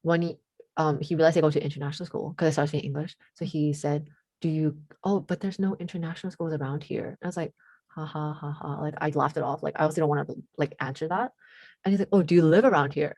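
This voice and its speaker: A teenage girl with a deep voice, chatting casually as a podcast co-host and telling a story, full of fillers and switching into Cantonese now and then. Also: steady tone, fast talker, a little mellow, no echo. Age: teens. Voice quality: deep voice for a woman.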